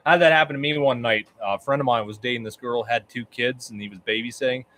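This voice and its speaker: A man chatting casually as a guest, animated and full of interjections. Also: medium pitch, fast talker. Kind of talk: casual chat.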